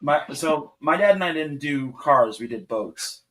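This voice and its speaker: A man's voice: a little high, expressive, measured pace, fairly bright tone. Wry man telling a boat story. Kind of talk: casual chat.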